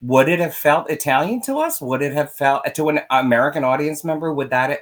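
A man from Philadelphia co-hosting a podcast in casual, animated chat with many fillers and asides, also reading an ad. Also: a little high, a little fast. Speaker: podcast co-host. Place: vacation spot.

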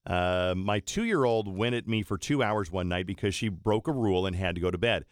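A man's voice: sits low, moderate pace, no room sound, studio quality. A middle-aged man, hosting a radio talk show and telling stories in a blunt, opinionated way.

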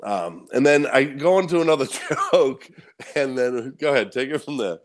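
A man's voice: medium pitch, animated, normal speed. A male guest comedian telling a stage story in a laid-back, profane way. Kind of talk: casual chat. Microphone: video call.

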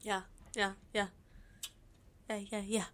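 A woman's voice: mid-range voice, flat delivery, slow pace, a bit bright. A young woman co-hosting a podcast in casual chat, rambling with lots of fillers and giggling. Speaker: podcast co-host.

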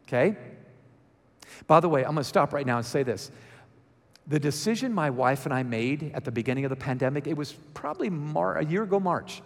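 A man's voice: on the high side, fairly quick. A man with a Georgia accent preaching a conversational sermon and asking the congregation questions. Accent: Southern US (Georgia). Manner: lively, asks the congregation questions. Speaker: guest preacher. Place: church sanctuary. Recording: reverberant church sanctuary.

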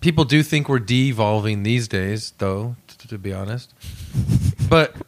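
A man's voice: fairly low pitch, measured pace. A man co-hosting a comedy podcast, goofy and profane, laughing through his asides. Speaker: podcast co-host. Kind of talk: casual comedic podcast chat.

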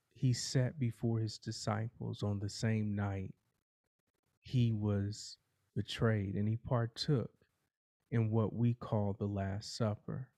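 A man preaching a sermon, telling a courtroom parable in a slow, dramatic storytelling manner. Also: lowish voice, vocal fry, warm tone, dry recording, clean studio sound.

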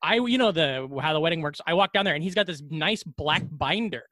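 A man in his thirties with a high voice, talking fast and laughing easily in casual chat. His talk is full of fillers and quick asides. The recording is close and dry. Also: animated, bright, forceful tone, no room sound. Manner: quick, chatty, laughs often, lots of fillers like "like" and "yeah".

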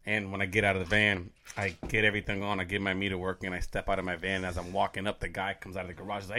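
A man co-hosting a casual talk radio show, telling a work story with excitement and acting out the people he quotes. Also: low voice, very fast, hardly any pauses.

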